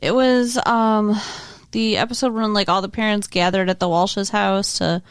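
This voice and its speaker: A woman's voice: mid-range voice, little pitch movement, normal speed, clean tone, dry recording, studio quality. A woman co-hosting a podcast in casual chat, retelling an episode with lots of "like" and easy laughter. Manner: chatty, says "like" a lot, laughs easily. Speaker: podcast co-host.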